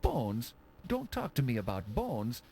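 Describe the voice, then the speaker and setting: An actor playing a brusque, dismissive Irish police detective in an adventure game. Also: male voice, mid-range voice, huge pitch swings, unhurried, vocal fry, mellow, soft background music, full character voice. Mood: impatient. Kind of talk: 1990s adventure game voice acting.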